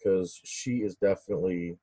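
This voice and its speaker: A man with a very deep, husky voice comments bluntly and dismissively. The sound is dry and close. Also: normal speed, mellow, no room sound. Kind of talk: casual commentary.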